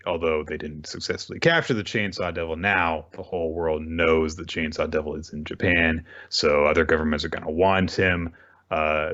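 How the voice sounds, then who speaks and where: Man, deep voice, casual manga recap, animated, mimics characters, muffled lo-fi sound. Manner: animated, acts out characters' lines in quick voices, laughs often. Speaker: podcast co-host.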